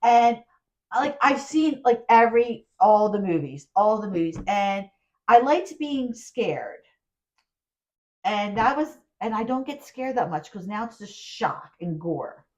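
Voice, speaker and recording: A woman co-hosting a casual podcast chat, telling animated stories with frequent laughs. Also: medium pitch, measured pace. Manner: animated storyteller, laughs often. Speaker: podcast co-host. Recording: dull lo-fi sound.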